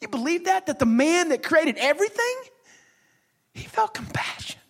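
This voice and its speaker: A man preaching a sermon as pastor, emphatic and repetitive, swinging between loud declarations and hushed, whispered lines. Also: very high-pitched, big pitch swings, normal speed, vocal fry.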